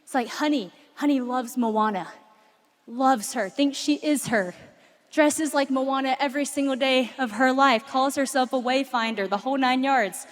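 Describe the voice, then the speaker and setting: A woman preacher giving a passionate sermon to a large crowd, telling stories and dropping into soft, intense moments. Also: high-pitched, moderate pace. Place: large arena before thousands. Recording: long hall reverb.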